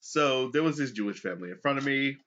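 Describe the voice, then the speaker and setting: Animated, swearing male podcast storyteller. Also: mid-range voice, quick pace. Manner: animated, profane, laughs often. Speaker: podcast co-host. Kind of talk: casual storytelling chat. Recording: dull lo-fi recording.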